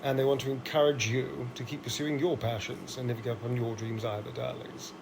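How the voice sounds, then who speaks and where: A man's voice: medium pitch, level tone, a little fast, creaky, very noisy, natural voice. A man voicing a sardonic, theatrical male vampire elf who drawls and condescendingly calls everyone darling. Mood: mocking.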